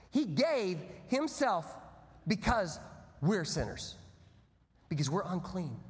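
A man, a pastor preaching, with a fairly high and very lively voice. He tells his stories with bursts of volume, then drops low and quiet. His voice carries a long reverb through a large sanctuary. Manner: animated storytelling, swinging from loud to hushed. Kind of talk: sermon. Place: church sanctuary.

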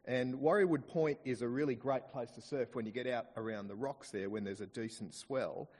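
An Australian man preaching a sermon in church, slowing down to dwell on quoted scripture. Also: mid-range voice, in a large hall. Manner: expressive preaching, slows down to stress quoted scripture. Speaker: pastor.

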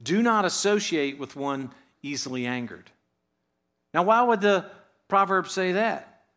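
A man with a slightly high voice delivers a sermon to his church. He talks plainly and conversationally, tossing in rhetorical questions and dropping to a quiet tone at the ends of his phrases. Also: animated, a little slow. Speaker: pastor.

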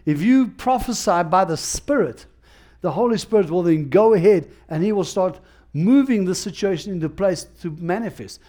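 A male preacher delivering a sermon with a voice pitched a little above the usual for a man. He presses his points through repetition and restarts, speaking in a plain, conversational way with emphasis. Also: lively intonation, moderate pace, mellow.

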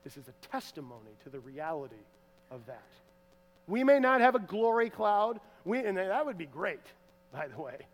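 A man with a notably high voice preaches a sermon, swinging between loud emphatic stretches and quiet, almost hushed asides. His voice carries a long reverb, as if filling a big sanctuary. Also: sing-song, normal speed, a little hiss or hum. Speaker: pastor.

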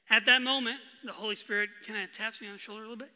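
A young man delivers a sermon in a high, very bright voice, acting out everyday stories with lots of energy. The sound carries the long reverb of a large hall. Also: a little fast. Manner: animated storytelling, acting out his own frustration loudly. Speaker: pastor.

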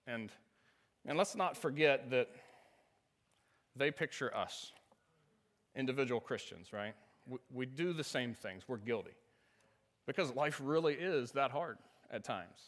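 A man preaching a sermon, telling a funny story about a race and laughing often. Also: medium pitch. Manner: storytelling, self-deprecating humor, laughs often. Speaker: pastor.

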